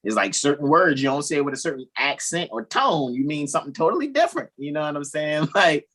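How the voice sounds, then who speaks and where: Animated, laughing man hosting a video call. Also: a little high, quick pace, husky. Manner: loose, joking, laughs often, rambling asides. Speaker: host. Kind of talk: casual group video-call chat.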